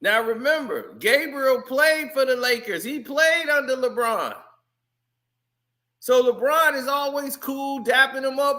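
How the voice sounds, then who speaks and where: A man giving casual, animated sports commentary on his channel, laughing often. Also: extremely high pitch, unhurried. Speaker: YouTube commentator.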